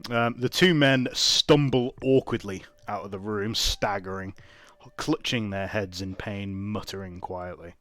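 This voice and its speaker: A man narrating as game master, casual and quick to laugh or swear. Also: lowish voice, steady tone, a bit bright, no echo.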